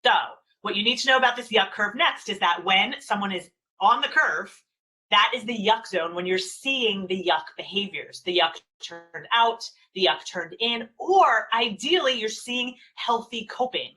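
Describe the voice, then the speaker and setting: A woman's voice: mid-range voice, unhurried, poor audio. A woman parenting expert presenting a webinar over a video call, talking animatedly and acting out what parents and children say. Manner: animated, acts out quoted parents and kids.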